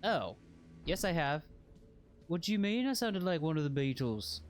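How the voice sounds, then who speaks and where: A man's voice: a little high, measured pace, faint music behind. A man casually chatting while streaming a video game, rambling and joking at his own expense. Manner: rambling, self-deprecating, jokey. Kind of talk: casual gameplay chat.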